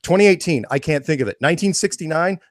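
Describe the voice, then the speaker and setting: Animated man on a rant. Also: a little high, quick pace, no room sound, studio quality. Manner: enthusiastic, ranting, repeats phrases. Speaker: guest. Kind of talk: podcast interview.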